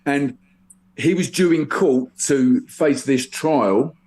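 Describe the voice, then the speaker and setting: A man's voice: medium pitch, takes it slowly, darkish tone. A man in a casual group discussion, telling a story emphatically. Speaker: guest.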